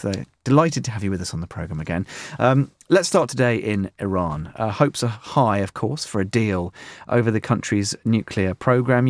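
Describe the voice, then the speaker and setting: A man hosting a live radio show from a studio, chatty and relaxed, with frequent fillers. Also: lowish voice, no echo.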